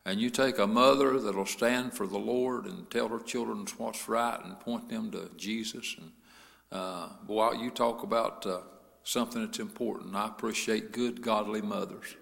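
Male pastor, bright and high-pitched, fervent sermon delivery, reverberant church sanctuary. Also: steady tone, moderate pace, creaky. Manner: rising to an impassioned preaching cadence, with many "uh" fillers. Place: church sanctuary, broadcast service. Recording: long reverb of a church hall.

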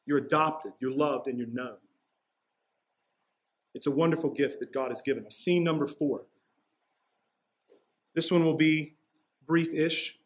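A man delivers a sermon as pastor, his voice sitting a bit high for a man. He talks in a loose, conversational way and drops in casual asides as he explains. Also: unhurried, long pauses.

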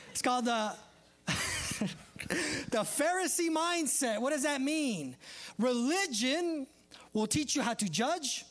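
A preacher giving a sermon in a conversational style, with joking asides and laughter. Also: mid-range voice.

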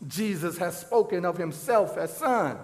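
A pastor preaching a sermon, with constant "uh, uh" restarts and bursts of shouted emphasis. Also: male voice, sits high, lively intonation, measured pace. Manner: stammering restarts, strings of "uh, uh, uh". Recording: long hall reverb.

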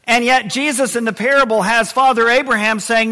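A man preaching a sermon, lively and expressive, dropping to a low, quiet voice to stress key points. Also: brisk, long reverb tail. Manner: expressive preaching, drops to a low hush for emphasis. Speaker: pastor.

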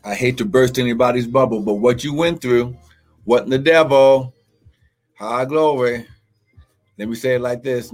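A man's voice: mid-range voice, a little slow, pauses often, soft background music. A man preaching a live-streamed sermon, with fervent repetition, calls of glory and speaking in tongues, greeting online viewers by name.

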